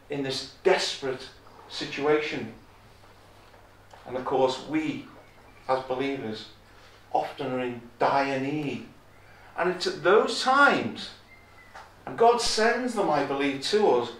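Slow emphatic sermon from a guy preaching, sounds far off in an echoey chapel. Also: a little high. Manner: emphatic, repeats key phrases, quotes scripture in a raised voice. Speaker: visiting preacher.

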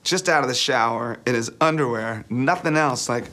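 A man interviewed for a documentary, telling a casual anecdote in a relaxed way and building up the scene detail by detail. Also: medium pitch, fairly quick, a little hiss or hum. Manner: relaxed, describes the scene piece by piece.

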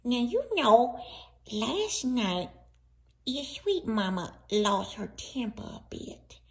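A woman's voice: on the high side, big pitch swings, slow pace, exaggerated voice. A woman playing a melodramatic, grudge-holding old grandmother who wails theatrically and lectures in a folksy, preachy manner. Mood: coaxing. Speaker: grandmother Sweet Mama. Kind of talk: comedy sketch acting.

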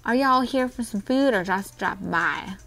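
A woman's voice: mid-range voice, a little slow, creaky, fairly bright tone, soft background music. A woman voicing a friendly young waitress with an attempted Southern drawl, chatty and teasing.

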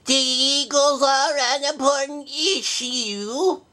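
A man's voice: slow pace, pushed and bright, heavily acted. A man doing a forgetful old bear rabbi. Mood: stubborn. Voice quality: high-pitched, bumbling and cranky. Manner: forgetful, stubborn, easily flustered. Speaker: show host. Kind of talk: puppet comedy skit.

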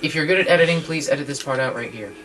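A man casually commentating while he plays a video game, chatty and joking with sudden excited yelps. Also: a little high, rapid-fire. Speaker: guest player commentating. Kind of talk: casual let's-play commentary. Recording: from a distance with game music behind.

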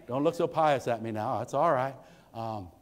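A man's voice: medium pitch, normal speed, long reverb tail. A man preaching a sermon as pastor, calling out "amen" to the congregation and swelling into impassioned peaks. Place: church sanctuary.

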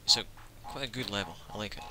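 A man's voice: on the low side, fairly even intonation, fast talker, noisy background. A man giving casual let's-play commentary, full of sarcastic, joking asides to the game.

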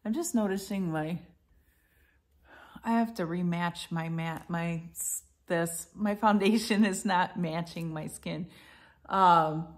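A middle-aged woman talks her way through an unboxing at home in an easy, rambling way. She trails off, fixes her own words and fills gaps with ums as she goes. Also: medium pitch. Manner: chatty, meandering, many fillers and self-corrections. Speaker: vlogger reviewing a subscription box. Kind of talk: casual unboxing chat.

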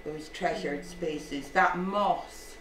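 Scottish woman storyteller, playful live telling; slow, lively pitch, distant roomy hall sound. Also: a little hiss or hum. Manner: playful, with asides and laughter. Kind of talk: live folk tale telling. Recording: echoey hall from far off.

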